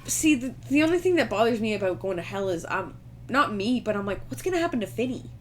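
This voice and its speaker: A woman's voice: fairly high pitch, very animated, fast talker. Woman, podcast co-host, casual chat, storytelling, swears a lot, faint background noise. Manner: swearing, storytelling with quoted voices.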